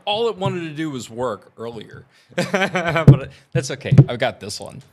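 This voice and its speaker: This tech vlogger's voice is a little high and very animated, though his pace stays measured, and the background is noisy. In a casual vlog chat, he meanders through talk of audio gear and his plans with plenty of fillers and easy laughs.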